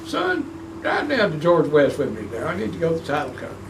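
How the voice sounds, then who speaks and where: An older man tells family stories in an animated, rambling way, often restarting his sentences. His voice sits a little high for a man. He is recorded from some distance, with a faint hiss behind him. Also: quick pace, gravelly. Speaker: interviewee. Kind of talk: oral history storytelling. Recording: distant mic with faint background noise.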